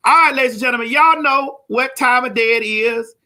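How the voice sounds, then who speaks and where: Woman host, brash, profane, high bright voice, live stream over a video call. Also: brisk. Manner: loud, brash, cussing, hyping the audience. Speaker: show host.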